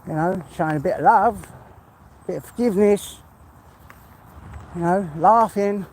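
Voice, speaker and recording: A man's voice: high-pitched, normal speed, darkish tone, slight background noise, low-quality recording. An English man rambling in a heartfelt way as he walks outdoors, a little out of breath. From England. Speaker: vlogger. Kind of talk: casual walk-and-talk monologue. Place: outdoors on a walk.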